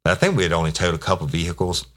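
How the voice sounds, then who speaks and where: Middle-aged ex-cop host, very low voice, folksy and foul-mouthed storytelling. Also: male voice, racing, fairly bright tone. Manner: profane, rambling, folksy. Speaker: podcast host, former police officer telling stories. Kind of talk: casual storytelling.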